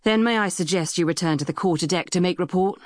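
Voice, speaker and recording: A woman's voice: lowish voice, fast talker, darkish tone, no echo, studio quality, natural voice. Impatient ship captain, commanding, sarcastic, woman narrator voicing him.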